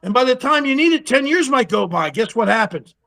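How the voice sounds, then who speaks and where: Guy with a raspy high-ish voice, chatty interview guest, acts out all the back-and-forth, swears a bit. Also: fairly quick. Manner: animated storyteller who acts out quoted dialogue, salty language. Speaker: guest, pickle company co-founder. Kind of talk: casual storytelling interview.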